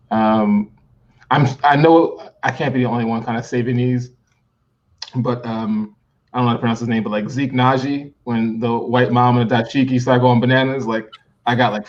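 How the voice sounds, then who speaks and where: Laughing man in dull lo-fi audio. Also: mid-range voice. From New Jersey, US. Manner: laughs often between remarks. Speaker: podcast guest. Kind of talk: casual chat.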